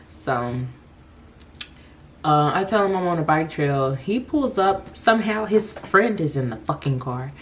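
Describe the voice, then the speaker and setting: Animated young woman telling a story. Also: sits low, unhurried, a little hiss or hum. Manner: animated, profane, laughs often. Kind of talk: casual story time.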